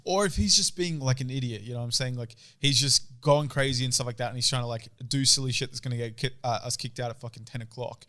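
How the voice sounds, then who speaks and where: A man's voice: medium pitch, quick pace, hardly any pauses, a bit bright. A young man in his twenties, co-hosting a podcast and telling a story in a casual, slangy, swearing way. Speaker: podcast co-host.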